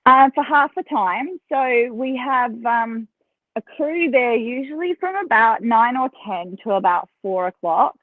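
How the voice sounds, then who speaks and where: A woman with an Australian accent, a podcast guest telling stories in a chatty, animated way and laughing between phrases. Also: fairly high pitch, a little slow, no echo. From South Australia. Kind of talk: casual interview storytelling. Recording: tinny phone line, dry.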